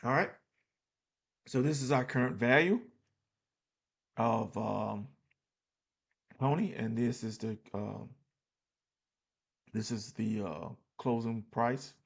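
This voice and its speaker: A man's voice: mid-range voice, slow, creaky, long pauses, husky. A man casually walking through his investment portfolio on screen, loose and plainspoken with many fillers and restarts, a little tired. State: tired, yawning. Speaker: investing channel host.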